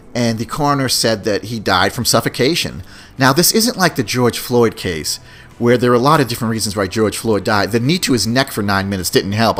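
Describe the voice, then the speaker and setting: A man's voice: medium pitch, a bit bright. A man hosting a podcast, talking through an opinionated solo monologue with blunt, profane storytelling. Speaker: podcast host.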